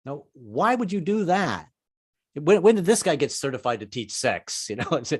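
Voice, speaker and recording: A man's voice: on the high side, expressive, moderate pace, dry recording, clean studio sound. A man doing a rambling, self-deprecating stand-up set over a video call, slipping into voices. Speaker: stand-up comedian.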